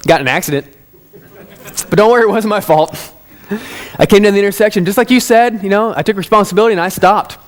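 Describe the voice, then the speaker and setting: A man voicing a defensive teenage boy who insists nothing was his fault, with rushed, protesting excuses. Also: on the high side, expressive, lightly acted.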